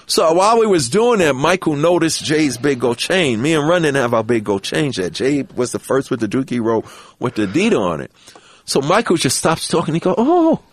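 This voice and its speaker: A man guesting on a podcast, telling an anecdote in an animated, profane way and acting out the quotes. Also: mid-range voice, brisk, no echo. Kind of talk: storytelling anecdote.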